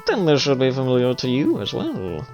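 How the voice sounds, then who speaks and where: A man's voice: mid-range voice, wildly swooping pitch, moderate pace, a little mellow. A man voicing a grandiose villain, the embodiment of tragedy, in a theatrical, menacing way. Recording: slightly dull audio with faint music.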